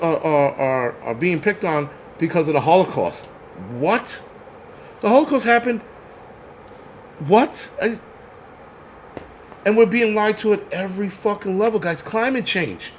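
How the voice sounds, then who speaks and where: A high-pitched man rants on his live stream, cursing freely and tripping over repeated words as he presses his points. A faint hum of noise sits under his voice. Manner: profane, heated ranting with stammered restarts. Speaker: channel host.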